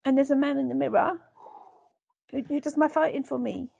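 A woman doing a timid young man who stammers through every line, his voice pushed higher than usual. He sounds nervous and flustered, with a gravelly, husky edge and a dry, close sound. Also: warm tone, no echo, dull audio. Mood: meek, flustered. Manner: stammering, halting.

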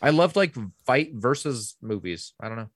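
A man's voice: medium pitch, sing-song, moderate pace, dry recording. A man co-hosting a podcast, talking casually about movies in a blunt way and swearing a lot. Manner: blunt, swears often, dismissive. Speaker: podcast co-host.

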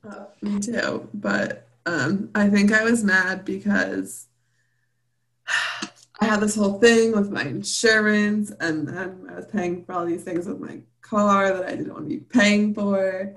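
A woman's voice: mid-range voice, steady tone, unhurried, fairly bright tone. Giggly young woman chatting casually. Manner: laughs often, filler-heavy. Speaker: podcast co-host. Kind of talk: casual chat.

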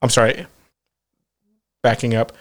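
A man in his thirties, mid-pitched, telling long winding stories on a podcast. He swears freely and laughs at his own tangents as he goes. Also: level tone, a little slow. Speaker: podcast co-host. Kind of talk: casual chat.

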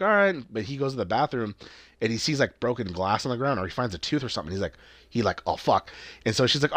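A man in casual chat, retelling a TV episode in a rambling, profane way and jumping up in pitch to quote the characters. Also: expressive, quick pace, fairly bright tone, no echo.

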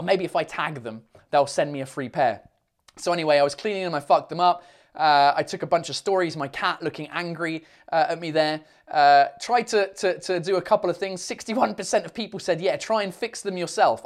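Man hosting a casual live chat; rambling, sweary, self-mocking, reads comments aloud. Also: on the high side. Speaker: livestream host.

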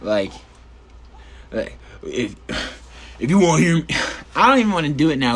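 A man's voice: a little high, very animated, moderate pace, long pauses. A man hosting a casual solo podcast from his bedroom, rambling and joking with plenty of swearing. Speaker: podcast host.

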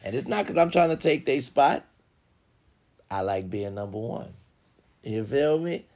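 A man giving casual motivational talk, preaching emphatically and swinging from low murmurs to loud urging. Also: animated, a little slow. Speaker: motivational vlogger.

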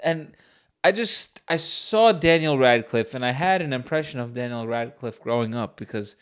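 A man in his thirties, co-hosting a crude, casual comedy chat and laughing his way through animated, profane stories. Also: mid-range voice, normal speed, clear, resonant tone. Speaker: podcast co-host.

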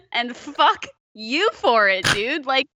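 A woman's voice: fairly high pitch, very animated, slow, bright, forceful tone, no echo, muffled recording. A woman co-hosting a podcast in casual chat, telling personal stories with blunt swearing and self-mockery. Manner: candid, profane, self-mocking storytelling. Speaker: podcast co-host.

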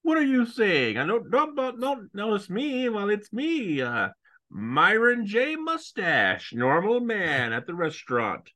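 A man's voice: high-pitched, very animated, moderate pace, few pauses, fairly bright tone, pitched above the performer's own voice. A man putting on a nervous, stammering voice for a silly disguised eavesdropper. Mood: flustered. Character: silly male eavesdropper in a fake disguise, adult.

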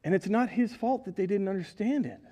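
A middle-aged man preaching a sermon in a church, telling the story with animated voices and questions to the congregation. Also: high voice, a little fast. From United States. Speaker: pastor. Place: church sanctuary.

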